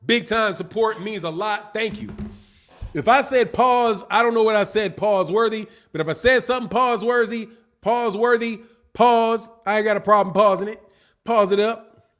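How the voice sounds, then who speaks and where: Animated high-voiced man reading live chat. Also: normal speed. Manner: animated, slangy, laughs often, talks to viewers. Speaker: boxing channel host reading live chat. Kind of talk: casual live-stream chat.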